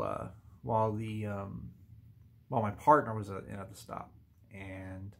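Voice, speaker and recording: Male YouTuber, 30s, lowish voice, sincere and halting, casual vlog delivery full of ums. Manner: halting, earnest, many fillers and restarts. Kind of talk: casual heartfelt vlog talk.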